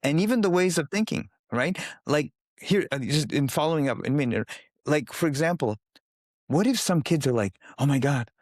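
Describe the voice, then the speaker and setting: A man, a guest on an interview podcast, explaining his work with lively storytelling and acting out what people say. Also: on the high side, moderate pace, dry recording, studio quality. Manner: animated storytelling, acting out quoted voices.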